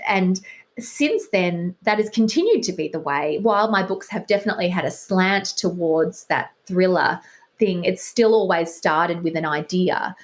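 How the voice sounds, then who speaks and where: A woman's voice: lowish voice, animated, moderate pace. A middle-aged woman, a guest author, chatting in an interview with a wry, self-deprecating humor. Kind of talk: casual interview chat.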